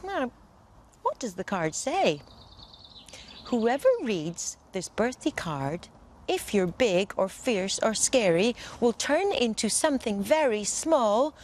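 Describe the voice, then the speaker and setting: Woman reading a bedtime story, slow and lively in pitch, gentle storyteller. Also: slight background noise.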